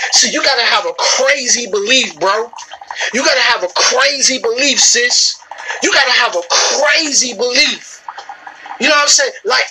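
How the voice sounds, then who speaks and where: A woman delivering a motivational talk to camera from her shop, emphatic and preachy, hammering the same lines again and again. Her voice sits a little high and comes across bright and forceful. She keeps calling her listeners bro and sis. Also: slight background noise, poor audio. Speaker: business owner.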